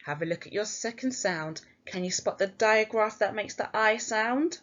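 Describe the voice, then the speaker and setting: A woman teacher with an English accent leads a phonics lesson for young children, slowly sounding out letters and praising them in an encouraging, sing-song way. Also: mid-range voice, fairly bright tone, lo-fi sound. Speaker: primary school teacher.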